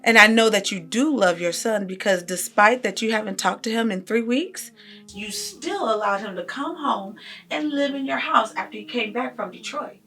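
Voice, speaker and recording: An actress playing a calm, measured family therapist. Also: female voice, on the high side, soft background music.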